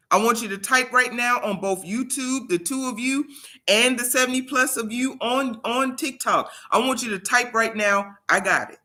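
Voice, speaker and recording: Emphatic woman preaching motivation, bright voice. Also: on the high side. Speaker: motivational livestream host. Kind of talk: motivational livestream talk. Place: home in South Carolina.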